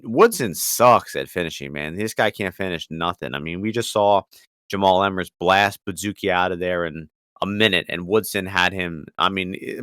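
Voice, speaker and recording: A man's voice: low voice, fairly bright tone, no room sound, studio quality. A man co-hosting a casual betting podcast, loose and profane, often stumbling over names. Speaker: podcast co-host, betting picks. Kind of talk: casual chat.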